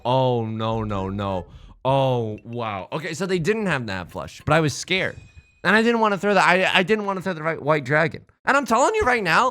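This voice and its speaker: Animated man doing gameplay commentary. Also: medium pitch. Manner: excitable, jokey, frequent exclamations. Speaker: let's play host.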